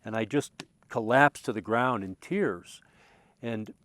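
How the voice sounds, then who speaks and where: Low-voiced man telling an emotional story. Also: slow pace, no echo. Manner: earnest, emotional, often repeating words as he restarts; swings from loud passionate recalling to quiet, hushed tones. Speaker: spiritual speaker. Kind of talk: reflective personal storytelling.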